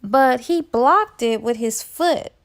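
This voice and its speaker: Brief: female book vlogger, slightly high voice with lots of vocal fry, chatty slangy retelling. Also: animated, slow pace. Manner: chatty, slangy storytelling with fillers and laughs. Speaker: book reviewer. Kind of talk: casual plot retelling.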